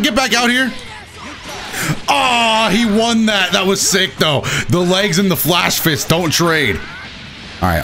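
A young man giving excitable live commentary on his own fighting game matches, talking to himself and laughing at his own mistakes. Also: high-pitched. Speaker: gaming commentator.

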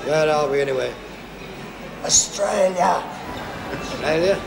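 A man's voice: on the high side, measured pace, vocal fry, very noisy. An actor playing a brash, boastful middle-aged Englishman in a sitcom. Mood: blustering. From England. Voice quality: blustering and boastful. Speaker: sitcom character, a boisterous English visitor. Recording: 1970s TV sitcom with audience laughter.

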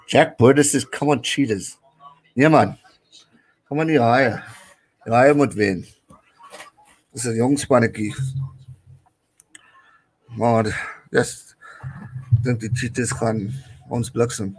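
A man's voice: mid-range voice, slow, long pauses, husky, poor audio. A young man from South Africa with a South African accent, talking through a rugby match for his live-stream viewers. He chats casually, greets people in the chat, and slips Afrikaans words into his English. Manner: chatty, mixes English with Afrikaans phrases. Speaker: live stream host giving rugby commentary.

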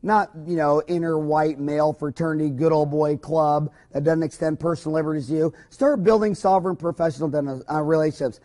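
High-voiced folksy male dentist lecturer. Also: steady tone, brisk, few pauses, mellow. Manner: folksy, emphatic, rambling with asides. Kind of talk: informal recorded lecture.

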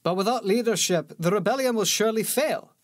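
This is a brawny, blunt soldier, as an audiobook narrator puts him on, pitched higher than the reader's own voice and set apart by a changed, rougher tone. He talks with gruff scorn, quieter than the narration, in a dry, close recording. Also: brisk, dry recording. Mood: scornful. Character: bulky, blunt male warrior lieutenant.

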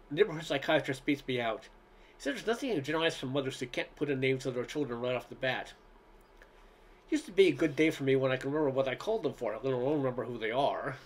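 A man reading a humorous essay aloud in a wry, unhurried storytelling manner. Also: mid-range voice. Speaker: reader.

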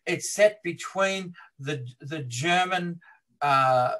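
A man being interviewed as a film historian, retelling film scenes in a lively way and laughing as he talks. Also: fairly high pitch, slow. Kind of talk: animated interview storytelling.

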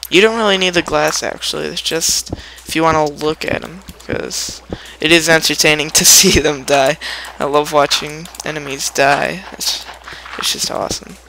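A young man chatting through a gameplay tutorial in a bright, gravelly voice, rambling and playful. He hums little sound effects as he builds, recorded on a computer mic with faint noise behind. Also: fairly high pitch, rough recording. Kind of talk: casual gameplay tutorial commentary.

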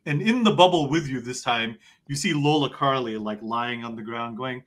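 A man narrating as game master of a tabletop game, loose and animated with many fillers. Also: medium pitch, moderate pace.

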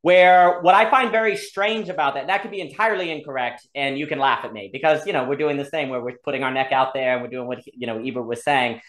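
A host of an online discussion works through an idea out loud, hedging at every turn and circling back in fast repeated loops. The voice sits at a middle pitch. The call audio has a roomy echo around it. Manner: thinks aloud, hedges often, builds ideas in rapid repetitive loops. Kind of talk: casual philosophical discussion online. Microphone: video call.

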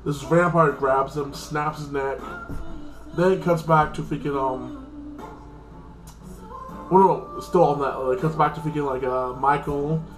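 In an echoey room with faint music beneath him, a man hosting a channel walks through a TV episode in a loose, rambling recap full of "like" and "freaking." His slightly high voice stays steady as he goes a little slow, pausing often.

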